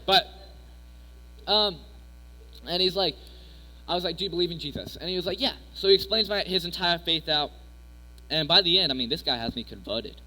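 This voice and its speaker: A man's voice: a little high, moderate pace, long pauses, pushed and bright. A young man giving a casual, rambling youth sermon full of personal stories and fillers. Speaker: youth speaker. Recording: echoey hall with mains hum.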